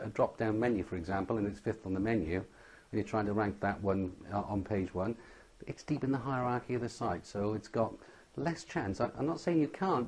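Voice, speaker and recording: Emphatic man teaching, mellow tone. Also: on the low side, breathy edge. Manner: emphatic, repeats "okay?" as a check-in. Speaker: SEO instructor. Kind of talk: tutorial lecture.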